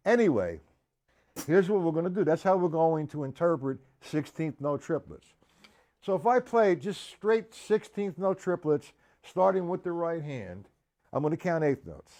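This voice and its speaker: Over loud music and drums, a man with a fairly high, animated voice gives a drum lesson on a live stream at normal speed. Patient in his explanations, he calls out to viewers by name and counts the beats aloud while he plays.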